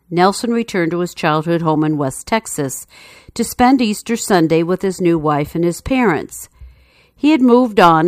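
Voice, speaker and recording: A woman narrates a story from a script in a measured, steady manner. Her voice sits on the low side for a woman. The recording is dry and close, with no room sound. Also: dry recording.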